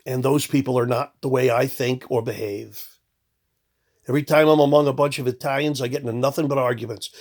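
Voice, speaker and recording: A man's voice: mid-range voice, gravelly. A man delivering a blunt, contemptuous political rant full of sarcasm. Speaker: political commentator. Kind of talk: ranting monologue.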